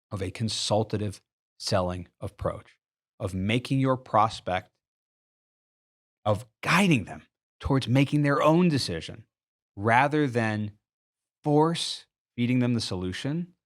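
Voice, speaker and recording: A man giving a sales training talk, earnest and explanatory, walking the listener through an everyday store example. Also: mid-range voice. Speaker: sales coach.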